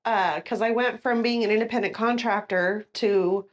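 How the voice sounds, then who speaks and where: A woman's voice: medium pitch, steady tone, moderate pace. Middle-aged female guest, earnest and sincere, casual conversation. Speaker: guest, insurance agent.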